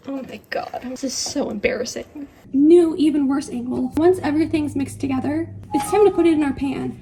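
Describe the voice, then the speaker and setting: Young woman, home baking vlog, high mellow voice, chatty and self-mocking, light hiss behind. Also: fairly quick. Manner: rambling, self-deprecating, laughs often. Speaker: vlogger. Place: home kitchen.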